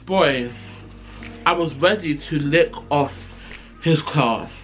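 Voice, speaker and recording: A man's voice: fairly high pitch, slow pace, faint music behind. Sassy young man. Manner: animated, sassy and profane, acting out quotes. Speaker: vlogger. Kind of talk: storytime vlog.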